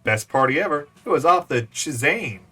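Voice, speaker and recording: Man playing a game on stream, reads the story text aloud, lively playful delivery, bright voice, faint music. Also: a little high, moderate pace, husky. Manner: animated, laughing, playful. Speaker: gaming channel host. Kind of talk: let's play, reading game text aloud.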